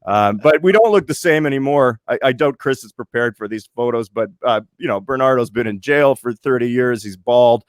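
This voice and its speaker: A man from Winnipeg in his late forties, co-hosting a podcast and telling a story in lively casual chat, acting out the voices as he goes. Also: medium pitch, normal speed, few pauses, no room sound, clean studio sound. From Winnipeg, Canada. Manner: animated storyteller, restarts and acts out voices. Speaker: podcast co-host.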